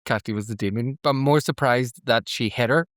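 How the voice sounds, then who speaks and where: A man's voice: medium pitch, moderate pace, fairly bright tone, no room sound, studio quality. A man co-hosting a podcast, giggling and gushing as he recaps scenes. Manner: giggly, enthusiastic, acts out quotes. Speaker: podcast co-host. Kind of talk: casual recap chat.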